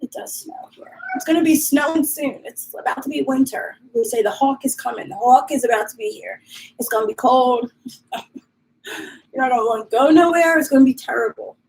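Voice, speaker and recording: A woman's voice: sits high, a little fast, a little mellow, rough recording. A woman hosting a casual live stream from her home, chatting and reading viewer comments aloud while dealing with allergies and a runny nose. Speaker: livestream host.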